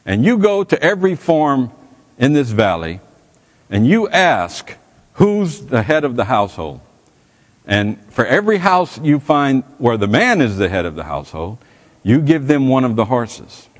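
A man voicing a confident older male professor who gives unhurried instructions, in a reverberant hall. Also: medium pitch, big pitch swings. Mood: instructing.

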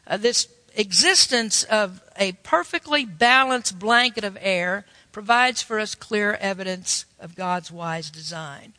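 A man's voice: sits high, unhurried, few pauses, bright, forceful tone, no echo, long reverb tail. A man preaching a sermon, telling a folksy story with emphatic turns.

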